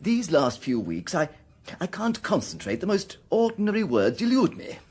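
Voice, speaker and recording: An actor playing a nervous, stammering Victorian gentleman in a radio drama. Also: sits high, very animated, moderate pace, breathy edge, exaggerated voice. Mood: anxious. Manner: hesitant, stammering with fillers. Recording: noisy background.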